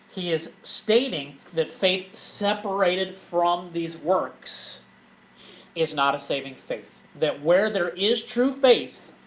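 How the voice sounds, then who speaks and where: A man, a pastor, teaching a Bible study to a group in a church, animated and often laughing as he asks questions. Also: fairly high pitch, poor audio.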